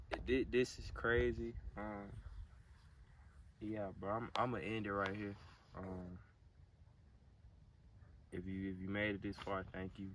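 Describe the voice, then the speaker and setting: A man's voice: lowish voice, muffled recording. Young guy vlogging on his phone outside, cussing a lot, rambly, noisy wind in the back. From Alabama, US. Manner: slangy, profane, rambling. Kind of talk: casual chat. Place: outdoors in rural desert. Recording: outdoor phone video with noise.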